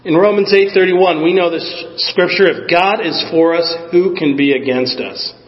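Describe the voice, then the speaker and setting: A man's voice: on the high side, normal speed, in a large hall, muffled recording. A man preaching a sermon in a conversational way, often asking the congregation "Amen?". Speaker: pastor.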